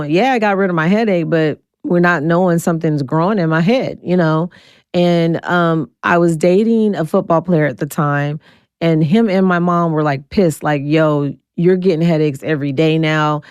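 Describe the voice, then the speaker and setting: A woman in her forties, a guest telling her story bluntly and acting out the quoted voices with big jumps in pitch. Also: darkish tone, smooth, no echo, clean studio sound. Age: 40s. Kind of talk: candid storytelling interview.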